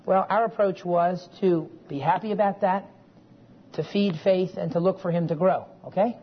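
A man in his forties teaches a Bible class, telling a family story in a folksy, digressive way and often checking in with his listeners. His voice is high-pitched, steady, slightly rough, and moderately paced, and the lo-fi recording is dull with a faint hiss.

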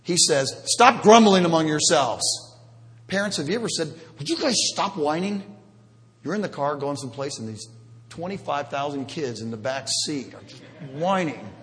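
A man preaching a sermon, animated and jokey, with sudden loud bursts. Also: on the high side, normal speed, long reverb tail. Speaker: pastor.

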